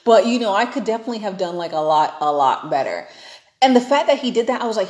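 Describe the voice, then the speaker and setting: A woman's voice: medium pitch, big pitch swings, fast, a little mellow, reverberant. A woman giving frank, chatty dating advice in a casual monologue, acting out the people she quotes.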